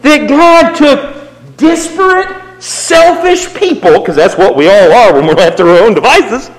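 A man preaching a sermon, swinging from raised emphatic lines to low, quiet asides. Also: very animated, normal speed. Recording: long reverb of a hall.

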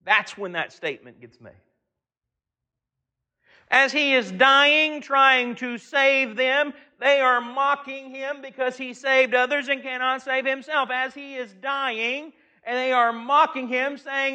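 A man preaching a sermon, reading scripture aloud and earnestly slowing down and swelling his voice for emphasis. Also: very high voice, fairly even intonation, sharp tone.

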